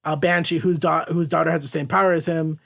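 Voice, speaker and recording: A man's voice: fairly high pitch, steady tone, vocal fry, a bit bright. A man hosting a casual podcast, walking through a comic page by page and reading lines aloud in loose paraphrase. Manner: reads character lines aloud in quick, loose paraphrase, laughs often. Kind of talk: casual comic review chat.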